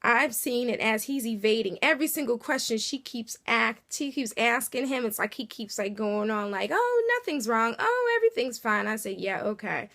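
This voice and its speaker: A woman's voice: on the high side, moderate pace, vocal fry, hardly any pauses, fairly bright tone. A woman casually recapping a TV episode, chatty and full of fillers, acting out little reactions as she goes. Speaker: TV episode reviewer.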